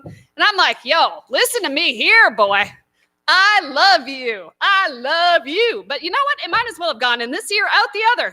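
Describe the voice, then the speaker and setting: A woman's voice: very high voice, pushed and bright, dry recording. A woman doing a stand-up routine, brash and punchy in her delivery. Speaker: stand-up comedian.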